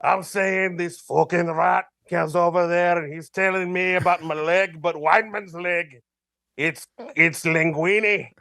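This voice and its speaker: A man's voice: high voice, steady tone, measured pace, creaky, sharp tone, no echo, clean studio sound, exaggerated voice. A man doing a brash Irish fighter. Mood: taunting. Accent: put-on Irish. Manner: swaggering, teasing, laughing mid-line. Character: brash cocky Irish male fighter impression. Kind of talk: comic impression on a podcast.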